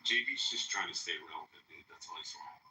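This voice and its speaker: A man's voice: low voice, expressive, brisk, pushed and bright, distant mic, slight background noise. A man in an online audio room, dropping crude asides and interjections. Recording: roomy echo, online audio chat.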